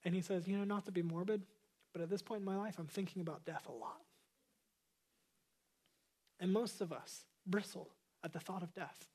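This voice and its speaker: A man preaching a sermon as pastor, earnest, repeating key phrases and moving between emphatic lines and hushed ones. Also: sits high, normal speed, pauses often, slightly rough.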